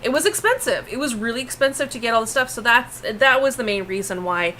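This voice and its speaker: Creaky pnw woman, chatty stream cohost, bright tone, reads chat out loud. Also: on the high side, animated, fairly quick, a little hiss or hum, poor audio. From Pacific Northwest of the US. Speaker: art stream co-host. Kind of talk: casual chat while drawing on stream.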